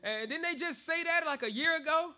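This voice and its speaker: A man preaching, his voice sitting very high and ringing sharp and bright. He keeps it animated, breaking into laughter between phrases and hammering words through repetition. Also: brisk. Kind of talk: sermon.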